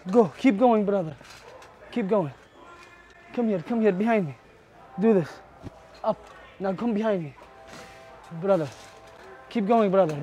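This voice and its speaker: A man's voice: high-pitched, dark tone. Pleading melodramatic prankster man. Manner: pleading, melodramatic, begging strangers for help. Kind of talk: prank video in public.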